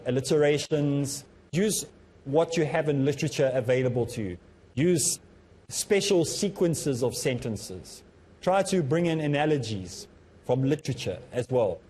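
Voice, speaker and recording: A man with a South African accent giving a steady lecture on public speaking, calling himself a bit monotonous. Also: mid-range voice. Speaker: Islamic teacher.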